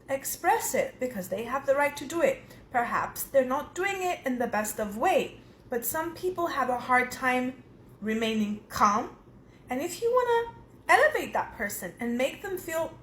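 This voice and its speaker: A woman from Cyprus speaking as a personal development speaker, giving advice in a calm, measured, instructive monologue. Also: sits high, slight background noise. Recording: roomy echo.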